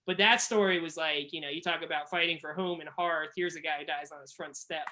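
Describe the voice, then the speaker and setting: A panelist musing aloud about history, with the occasional filler and pause. The voice is bright and forceful, at a middle pitch. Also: steady tone. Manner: reflective, with fillers. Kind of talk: casual panel discussion.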